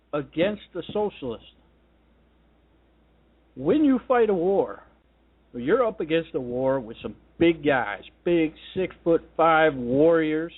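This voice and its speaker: A man's voice: on the high side, slightly rough. Combative man ranting on talk radio. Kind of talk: political talk radio monologue. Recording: tinny phone-line sound.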